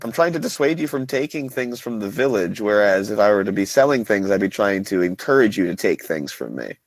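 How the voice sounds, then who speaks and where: A man's voice: lowish voice, animated, brisk, no echo, rough recording. A man playing a tabletop game in character, hesitant and rambling with many restarts. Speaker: player.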